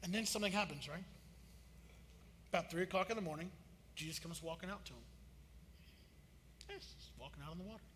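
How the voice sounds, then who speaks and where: A man, preaching a sermon in a casual, joking style that rises to loud emphasis. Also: sits high, a little fast, pauses often, slight background noise. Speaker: pastor. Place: church sanctuary. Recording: long hall reverb.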